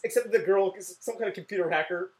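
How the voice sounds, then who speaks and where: A man in casual chat about movies, joking in animated banter. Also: high-pitched, fast, a crowd in the background. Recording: echoey room.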